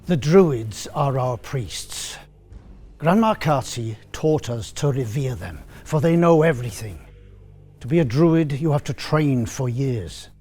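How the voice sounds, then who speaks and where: A man's voice: medium pitch, lively intonation, a little slow, darkish tone. A man playing a proud, hot-headed Celtic farmer in an educational drama, telling his tale earnestly and flaring into indignant bluster. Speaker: actor playing a figure.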